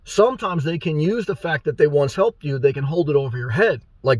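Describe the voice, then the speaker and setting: A man's voice: on the high side, lively intonation, a little fast, no room sound. A man giving a rambling, blunt and profane monologue to his viewers as a motivational YouTuber.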